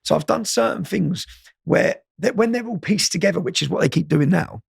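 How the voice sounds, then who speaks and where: A man's voice: high voice, animated, brisk, creaky, slightly rough, no room sound, studio quality. A man, an interview guest, telling stories casually with many repeated words and "yeah?" tags.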